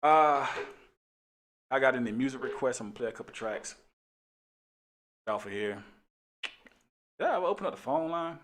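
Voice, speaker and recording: A man's voice: medium pitch, expressive, normal speed, pauses often, fairly bright tone. A middle-aged man, a police officer hosting a talk show, telling a casual story in a laid-back way and laughing often.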